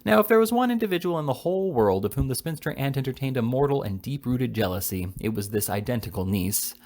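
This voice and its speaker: A man reading a classic novel aloud in steady narration. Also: mid-range voice, fast. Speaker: reader.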